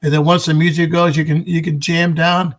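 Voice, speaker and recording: Man, somewhat high voice, interview guest, event organizer, enthusiastic, promotional, stop-start phrasing. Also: flat delivery, a little fast. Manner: enthusiastic, promotional, frequent restarts. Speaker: guest, pinball expo organizer. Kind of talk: casual interview chat.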